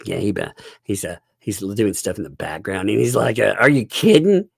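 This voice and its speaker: A man's voice: sits low, normal speed, creaky, husky, no echo, studio quality. A man giving live-stream commentary, ranting and laughing as he mocks other streamers. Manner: laughing, mocking, exasperated rants.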